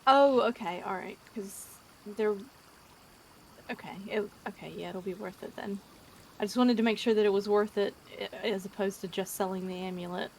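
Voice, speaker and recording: A woman playing a tabletop game, chatting casually with quick, excitable remarks. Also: mid-range voice, slight background noise. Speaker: player. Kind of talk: casual chat.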